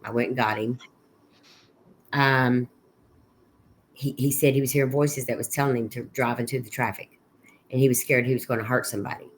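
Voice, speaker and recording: Bereaved mother telling her story haltingly. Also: extremely low pitch, steady tone, slight background noise. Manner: halting, with frequent restarts and quoted dialogue. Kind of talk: personal account in an interview.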